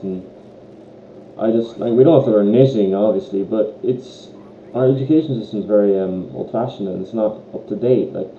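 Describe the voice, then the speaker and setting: Recorded lo-fi in an echoey room with faint hiss, an Irish teenage boy vlogs casually to camera as a student, ranting with plenty of ums and brief laughs. His male voice is fairly low in pitch and moves at a moderate pace.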